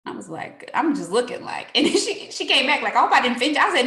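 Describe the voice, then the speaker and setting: A young adult woman giving a casual motivational talk to her sales team, animated and preachy, often laughing and acting out what others said. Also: sits high, a little fast, echoey room.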